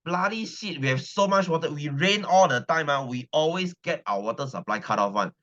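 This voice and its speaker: A man's voice: fairly high pitch, expressive, a little fast, fairly bright tone, muffled recording. A science teacher from Selangor with a Malaysian English accent, chatting casually with his class, repeating himself and checking in with "right?". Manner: chatty, repeats phrases, keeps asking "right?". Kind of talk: casual class talk with students.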